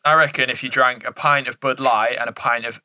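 Young male co-host, bright and mid-pitched, quick with an offhand joke. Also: fairly even intonation. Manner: joking, offhand opinions. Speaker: podcast co-host. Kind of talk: casual chat.

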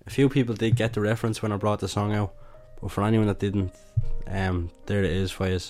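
A man's voice: lowish voice, steady tone, a little fast, a little mellow, faint music behind. A young man with a Dublin Irish accent, hosting a casual solo podcast, rambling with lots of fillers and restarts. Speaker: podcast host and musician.

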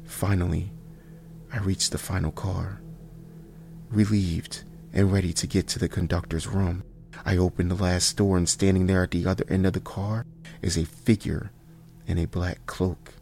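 A man narrating a first-person horror story in a slow, hushed delivery that sometimes drops to near whispers. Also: low voice, flat delivery, vocal fry, soft background music.

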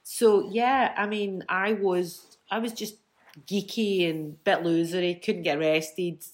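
A woman's voice: lowish voice, takes it slowly. Chatty woman in her fifties. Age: 50s. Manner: chatty, animated, laughing. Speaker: guest, musician. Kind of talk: casual storytelling.

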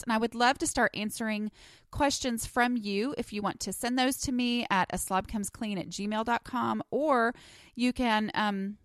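A woman talks through her solo podcast in a loose, chatty way, wandering into asides and filling pauses with ums. Her voice sits at an ordinary middle pitch for a woman. It is recorded close and dry, with no room sound, while she sits at home under a blanket. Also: fairly bright tone, no room sound. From Texas. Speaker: podcast host. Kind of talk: casual solo podcast chat.

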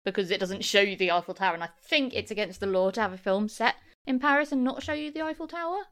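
A woman's voice: mid-range voice, quick pace, a bit bright. A woman co-hosting a podcast, chatting casually about a film and laughing often. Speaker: podcast co-host.

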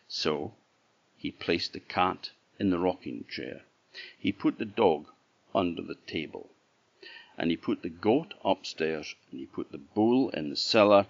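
Deep, unhurried Orcadian storyteller. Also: male voice, creaky. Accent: Orcadian Scottish. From Orkney Islands, Scotland. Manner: unhurried, sing-song with repeated refrains. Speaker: traditional storyteller. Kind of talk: oral folk-tale storytelling. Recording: dull lo-fi recording.

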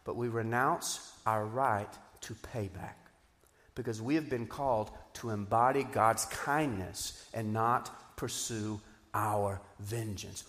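A man preaches from the stage of a church auditorium, his voice carrying a long hall reverb. He is animated and keeps swinging from loud, emphatic bursts down to quiet asides. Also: mid-range voice, moderate pace. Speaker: pastor. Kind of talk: sermon.

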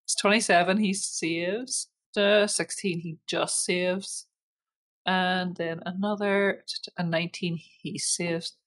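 A woman narrating as game master of a tabletop role-playing game, relaxed and giggly with many fillers. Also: fairly low pitch, slow.

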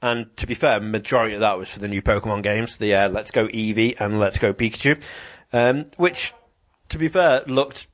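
A man's voice: lowish voice, moderate pace. A man co-hosting a casual podcast chat, rambling with ums and restarts. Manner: chatty, many ums and restarts. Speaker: podcast co-host. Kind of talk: casual chat about video games.

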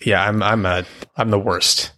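A man's voice: lowish voice, level tone, a little slow, sharp tone. A man co-hosting a podcast, chatting enthusiastically about a cartoon and laughing often. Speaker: podcast co-host. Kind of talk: casual chat about a cartoon.

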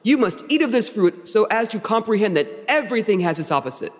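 A woman putting on a slow, solemn voice for a dramatic male devil tempter, impersonating an old film's delivery. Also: mid-range voice, big pitch swings, in a large hall, close to an everyday voice. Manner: slow, solemn, exaggerated film-style delivery.

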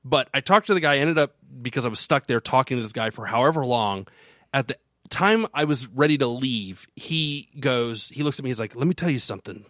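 A man's voice: mid-range voice, a little fast, a bit bright, dry recording, clean studio sound. A man hosting a casual podcast chat, telling a rambling story with many restarts. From Florida. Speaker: podcast co-host.

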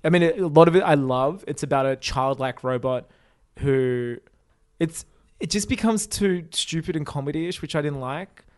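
A man's voice: on the high side, moderate pace. A man co-hosting a podcast, chatting casually and jokily about movies with a rambling, riffing delivery. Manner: rambling, jokey, riffs on film trivia. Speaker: podcast co-host.

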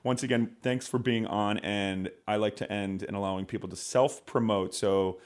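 A man hosting a podcast, asking questions in a friendly, relaxed conversational way. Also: on the low side, normal speed, clear, resonant tone. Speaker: podcast host. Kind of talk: conversational interview.

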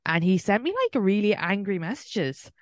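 A young Irish woman hosting a podcast, telling dating stories in a casual video call, animated and swearing freely. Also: mid-range voice, normal speed, no room sound, clean studio sound. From Ireland. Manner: swearing storyteller, animated retelling. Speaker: podcast host.

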